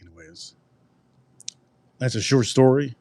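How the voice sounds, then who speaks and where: Rambling, repetitive livestream host, dry sound. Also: male voice, medium pitch, fairly even intonation, a little slow, vocal fry, warm tone, no room sound. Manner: rambling, repeats phrases, talks straight to chat. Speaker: livestream host reviewing drinks. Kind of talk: casual live-stream chat.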